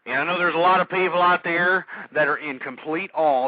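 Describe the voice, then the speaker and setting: A fairly high-voiced man delivers an indignant talk radio rant, firing off rhetorical questions and hurling insults at his targets. The sound is close and dry, with the muffled, lo-fi quality of an old internet radio stream. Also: animated, normal speed, long pauses, dry recording. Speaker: call-in radio talk show host. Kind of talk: angry ranting talk radio monologue. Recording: dull lo-fi internet radio audio.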